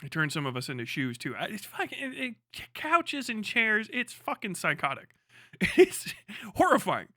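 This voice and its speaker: An American man on a live stream, ranting with lots of swearing, swinging between shouting and muttering. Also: high-pitched, wildly swooping pitch, moderate pace, no echo, clean studio sound. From United States. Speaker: livestreamer. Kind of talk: profane rant on a live stream.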